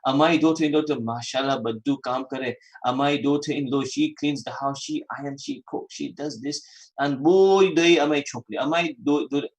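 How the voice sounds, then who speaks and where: A man's voice: mid-range voice, normal speed, husky, natural voice. A man voicing a gossiping middle-aged mother-in-law who chats with friends and mixes in Urdu words. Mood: gossipy. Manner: chatty and exaggerated, mixing in Urdu words.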